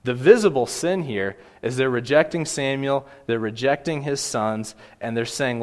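A man's voice: mid-range voice, normal speed, hardly any pauses, darkish tone. A male pastor giving a conversational sermon, often restarting his phrases.

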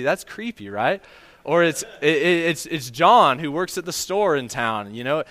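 A middle-aged man preaches a sermon in an expressive pastoral voice. He moves briskly through asides, then lets key sentences sink into a quiet, emphatic close. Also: a little high.

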